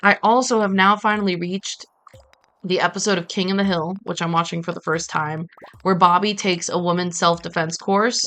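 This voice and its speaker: A woman's voice: lowish voice, fairly even intonation, normal speed, fairly bright tone. Chatty, rambling woman streamer. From Brazil. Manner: chatty, rambling, casual swearing. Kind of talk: casual gaming stream commentary.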